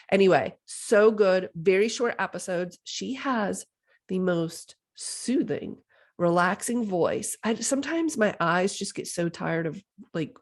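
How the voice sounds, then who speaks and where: A woman in her thirties hosting a solo podcast, chatty and enthusiastic, with lots of "like" and "you know". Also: mid-range voice. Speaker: podcast host. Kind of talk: casual solo podcast talk.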